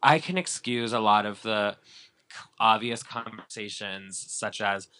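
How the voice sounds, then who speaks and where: A man co-hosting a casual podcast chat about reality TV, talking in a loose, animated way with lots of fillers and acted-out quotes. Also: on the low side, measured pace, clean tone. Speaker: podcast co-host.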